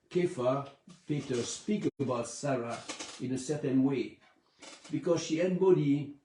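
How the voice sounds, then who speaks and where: A man's voice: fairly high pitch, a little mellow. Man reading scripture in an echoey room. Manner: reads scripture slowly with pauses and restarts. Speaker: Bible teacher. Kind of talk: Torah study reading and teaching. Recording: echoey room, distant mic.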